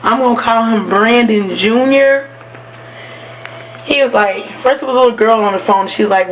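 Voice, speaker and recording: A woman's voice: fairly high pitch, moderate pace. A young adult woman telling a story casually to her camera, acting out the voices of the people in it. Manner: animated, acts out quoted voices. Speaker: vlogger. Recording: dull lo-fi webcam audio with faint hiss.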